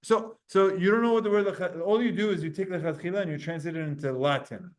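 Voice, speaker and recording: Energetic man teaching a Talmud class. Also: high voice. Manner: energetic, quick, asks the class questions.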